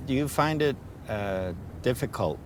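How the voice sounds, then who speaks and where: An actor with an Upper Midwest American accent playing a dull, deadpan, middle-aged male energy vampire who asks flat, dry questions. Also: medium pitch, unhurried, background noise, natural voice.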